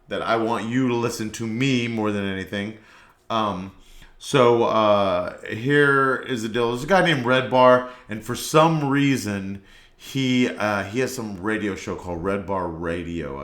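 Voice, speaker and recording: A man's voice: lowish voice, fairly bright tone. A man hosting a casual solo podcast, talking in a loose, rambling, meandering way. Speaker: podcast host. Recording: echoey room.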